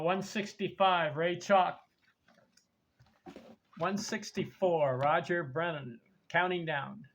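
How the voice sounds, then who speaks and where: A man's voice: fairly high pitch, a bit bright. A man hosting a sports talk show, reading down a ranking list and stressing his points as he teases the reveal. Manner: emphatic, teasing the big reveal. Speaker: podcast host. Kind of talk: countdown ranking monologue.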